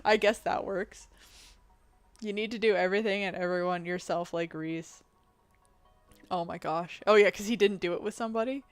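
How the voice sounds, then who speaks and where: A woman game streamer with a fairly deep voice, chatting casually with her live audience. She reads out chat messages, answers them and laughs often. Faint music plays behind her. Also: steady tone, normal speed, pauses often, no room sound. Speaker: game streamer and video editor.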